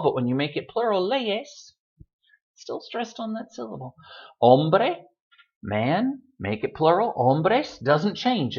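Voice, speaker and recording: A man explains pronunciation rules to his students in a patient, conversational way, dropping in casual fillers as he goes. His pitch rises and falls a lot from one phrase to the next. The recording sounds dull and lo-fi. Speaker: Spanish teacher.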